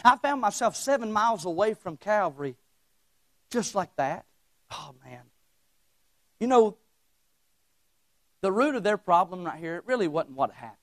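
A young man preaching a sermon, swinging between shouting and hushed folksy talk. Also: high-pitched, very animated, moderate pace, long pauses, no echo, studio quality. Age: young adult.

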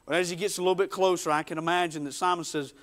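A man preaching a dramatic storytelling sermon, folksy, swinging from hushed murmurs to loud bursts. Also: high-pitched, steady tone, very fast.

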